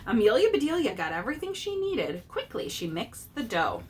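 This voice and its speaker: A woman reading a picture book aloud to her child, pausing to explain idioms and acting out the characters. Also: a little high, very animated, a little mellow, slight background noise.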